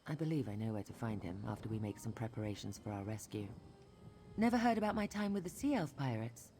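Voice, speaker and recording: A woman's voice: very deep voice, very animated, fast, warm tone, slight background noise. A woman voicing a proud, commanding elf queen in a video game, speaking formally and regally. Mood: resolute. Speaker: game character.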